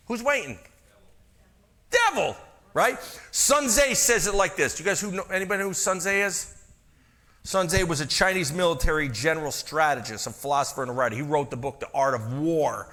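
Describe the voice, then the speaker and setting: A pastor delivers a conversational sermon in a church sanctuary, peppering it with asides and rhetorical questions aimed at the congregation. He has a slightly high voice and a bright, forceful tone.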